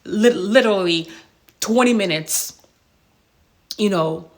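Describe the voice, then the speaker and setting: A woman hospice nurse telling a work story in a casual vlog, in an animated, exasperated way with many rhetorical questions. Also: mid-range voice, slow.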